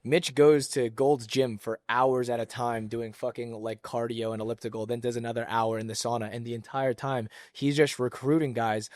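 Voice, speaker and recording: A man's voice: mid-range voice, flat delivery, normal speed, hardly any pauses, a little mellow, no echo, studio quality. A man who coaches jiu-jitsu, a guest on a casual podcast, swearing freely and telling stories where he acts out other people's lines.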